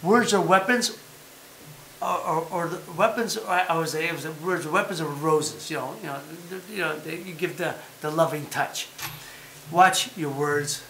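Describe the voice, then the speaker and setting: A fairly high-voiced man talks animatedly as a show host, circling back to his points again and again. His tone is bright and forceful. The room around him is echoey, with a faint hiss underneath. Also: a little fast, few pauses. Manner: animated, emphatic, repeats himself; talks about having been a fighter. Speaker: podcast host. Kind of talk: casual chat.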